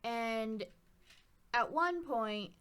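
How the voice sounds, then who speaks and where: A woman's voice: fairly high pitch, lively intonation, very slow, a bit bright, clear, resonant tone. A woman telling a story in a casual, rambling way, with wry asides about herself. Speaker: vlogger.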